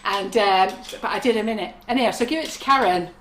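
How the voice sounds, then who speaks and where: A woman's voice: mid-range voice, fast talker, background noise. A middle-aged woman, chatting and telling stories while demonstrating baking products on a live stream from her kitchen. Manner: chatty, rambling, storytelling. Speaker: baking shop owner presenting products. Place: shop kitchen.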